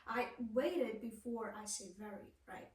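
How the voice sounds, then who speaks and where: A woman's voice: on the high side, measured pace, slight background noise. A woman teaching a one-on-one piano lesson, patiently asking her student questions and checking they follow. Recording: roomy, from a distance. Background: piano playing.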